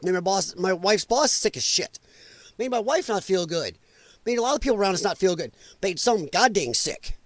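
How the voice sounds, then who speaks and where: Male live-show host, high-pitched, heated and profane, dry close sound. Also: expressive, moderate pace, no echo. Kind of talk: ranting live commentary.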